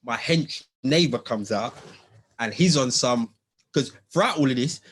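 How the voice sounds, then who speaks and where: A man, telling a story in casual chat, animated and slangy, acting out what people said. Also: mid-range voice, measured pace, breathy edge. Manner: animated, slangy, acts out quotes in lively voices. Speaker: podcast host.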